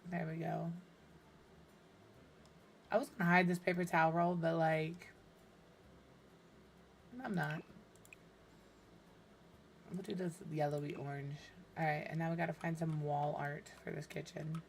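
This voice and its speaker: Give me a tired, hoarse woman with a slightly low voice, chatting to herself on a game stream. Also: level tone, unhurried, pauses often, a little hiss or hum. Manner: tired, muttering to herself while building. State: hoarse, voice fading. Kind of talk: casual gameplay streaming chat.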